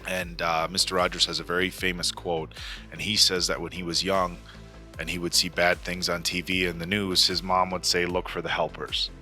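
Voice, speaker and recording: A deep, sharp-toned voice belongs to a man in his forties who hosts a movie reaction. He chats casually yet earnestly, frequently restarting and filling pauses.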